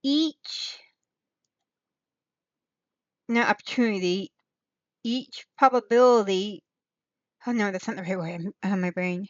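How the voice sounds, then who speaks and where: A woman hosts her own livestream, chatting loosely and rambling as she thinks aloud, drifting off mid-thought and circling back. Her mid-range voice keeps a fairly even intonation at a moderate pace. The recording is dry with no room sound and a little muffled.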